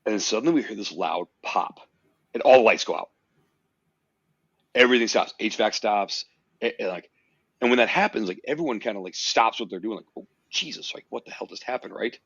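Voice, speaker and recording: Low-voiced guy spinning a story on a podcast, cusses a lot, dull dry lo-fi sound. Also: brisk, long pauses, husky, dry recording. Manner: animated storyteller, swears freely, puts on silly voices in quotes. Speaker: podcast host. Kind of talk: casual storytelling chat.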